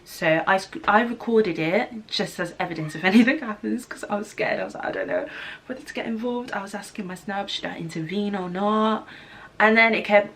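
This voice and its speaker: Lively young woman telling a story. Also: medium pitch, a little fast. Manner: animated, acts out screams and quotes. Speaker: vlogger. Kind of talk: storytime vlog. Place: student flat room.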